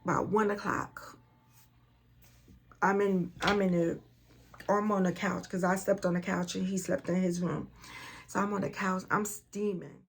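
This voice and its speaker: Middle-aged woman with a gravelly voice, telling a story. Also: on the low side, unhurried, pauses often. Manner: animated, repeats phrases, acts out dialogue. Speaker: vlogger. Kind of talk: casual storytelling.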